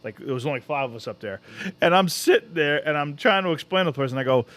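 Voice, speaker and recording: A man's voice: a little high, lively intonation, fast talker, a bit bright. A man co-hosting a casual podcast, telling a long profane story and acting out the other people in it. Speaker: podcast co-host. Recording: faint background noise.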